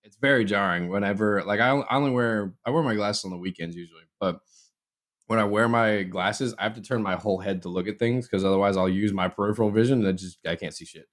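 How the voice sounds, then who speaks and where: A young man on a casual podcast, telling a long personal story and acting out what everyone said. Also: fast. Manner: animated, acts out quoted voices with jumps in pitch. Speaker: podcast co-host.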